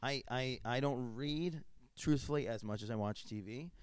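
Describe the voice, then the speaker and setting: A man's voice: medium pitch, normal speed, smooth, dry recording. A man hosting a casual chat, a crude, joking storyteller who restarts his sentences a lot. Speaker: podcast host.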